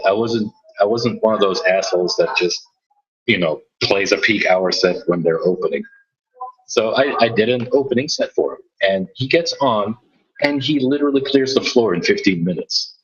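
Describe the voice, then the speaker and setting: A man's voice: lowish voice, lively intonation, normal speed, fairly bright tone, husky, lo-fi sound. A man, a DJ, telling a story in casual chat, rambling and restarting his sentences often. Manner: rambling with many restarts and stammers. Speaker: DJ and podcast host.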